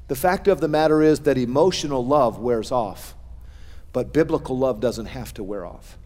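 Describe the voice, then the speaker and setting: A middle-aged male pastor preaching a sermon, with animated swings in pitch and loudness. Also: moderate pace. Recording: long hall reverb.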